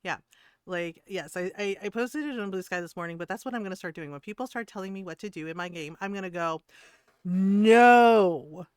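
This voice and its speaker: A woman's voice: fairly low pitch, quick pace, smooth, no echo, studio quality. A middle-aged woman streaming a game, chatting casually in a blunt, profane way and laughing often. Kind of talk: casual chat while gaming.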